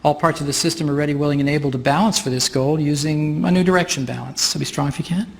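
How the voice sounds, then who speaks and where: A man with a fairly high voice leads a live workshop demonstration from a stage. He explains each step in a chatty, easygoing way and laughs often. Faint room noise sits behind him. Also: fast, creaky. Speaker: workshop facilitator. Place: stage before an audience.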